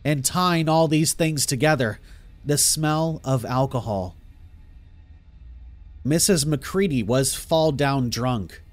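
Male horror narrator, mid-pitched and steady, faint music bed. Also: slow, long pauses. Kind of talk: scripted narration.

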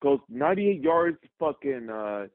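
A man's voice: mid-range voice, very animated, measured pace, dry recording. A man from Fresno, California, calling in to a sports radio show, angry and swearing as he rants. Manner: angry, profane, agitated ranting. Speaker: caller. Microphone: phone. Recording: tinny phone line.

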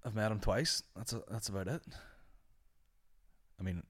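Brief: low-voiced man, sweary sardonic comic host, rambling chat. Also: normal speed, fairly bright tone, slightly rough. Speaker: comedian podcast host. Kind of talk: casual chat answering listener questions. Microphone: studio microphone.

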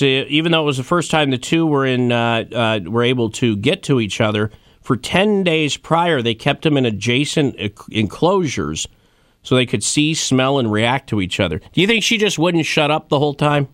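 A man in his thirties hosts a loose, joking talk about strange news, rambling through fillers and asides. His pitch sits in a middling range. The sound is dry and close, with no room around it. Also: animated, moderate pace, a bit bright, no echo. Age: 30s. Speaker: host. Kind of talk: casual comedic news chat.

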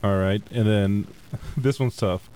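A man's voice: fairly low pitch, slow, mellow. A man co-hosting a sports radio show, taking the teasing with dry, mock-exasperated humor. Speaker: radio co-host.

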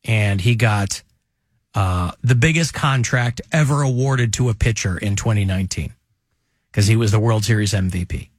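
A man's voice: on the low side, moderate pace, dry recording, studio quality. A man hosting a talk radio show, chatting casually with a wry, joking manner and rambling asides.

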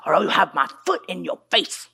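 A man's voice: sits high, sing-song, normal speed, gravelly, sharp tone, slightly rough, no room sound, pitched below the performer's own voice, exaggerated voice. A woman voicing a stern older father who threatens a man for disrespecting his daughter.

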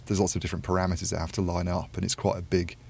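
A man's voice: sits low, completely flat delivery, rapid-fire, vocal fry, a little mellow, slight background noise. A man talking through industry issues in a casual podcast discussion, thoughtful and rambling with many asides. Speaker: podcast panelist.

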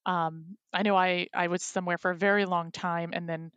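Low-pitched, smooth-voiced woman host. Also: flat delivery, fairly quick, dry recording, highs cut off. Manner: affirming, gentle back-channeling. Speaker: interview host. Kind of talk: conversational interview.

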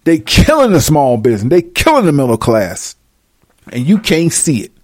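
A man's voice: a little high, huge pitch swings, normal speed, no room sound, clean studio sound. A man delivering a heated, profane monologue rant, speaking emphatically to his viewers.

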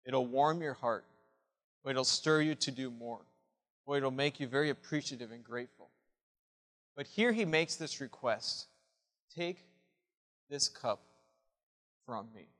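Impassioned preacher with a bright voice. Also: male voice, mid-range voice, moderate pace, pauses often, long reverb tail. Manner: impassioned preaching, swinging from hushed to loud. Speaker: pastor. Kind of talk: sermon.

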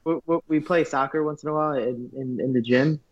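A man, a fighter guest, telling stories in a casual interview, animated and full of fillers. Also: a little high, brisk. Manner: animated storyteller, many fillers like "like". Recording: dull lo-fi audio.

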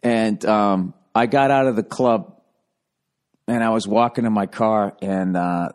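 A man's voice: on the low side, unhurried. Middle-aged male comic, casual monologue, swears freely, wry rambling asides. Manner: profane, rambling, wry storytelling. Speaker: comedian hosting a podcast.

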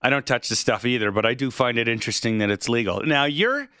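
A man's voice: medium pitch, quick pace, pushed and bright, smooth, no room sound, clean studio sound. A man in his forties hosting an interview, asking questions with curiosity and laughing easily. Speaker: podcast host. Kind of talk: casual interview chat.

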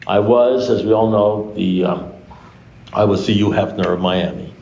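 A low, gravelly man spins a rambling story to a room full of listeners and acts out every line of dialogue. The sound is muffled and lo-fi, with the echo of a meeting hall around him. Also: moderate pace. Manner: animated storyteller acting out dialogue, swears freely. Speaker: recovery meeting speaker. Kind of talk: storytelling talk to an audience. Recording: echoey room, dull lo-fi sound.

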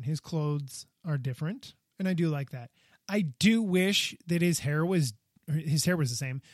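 A man's voice: on the high side, no echo, studio quality. A man hosting a casual toy review podcast, talking enthusiastically and rambling, often repeating himself. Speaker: podcast host. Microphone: podcast microphone.

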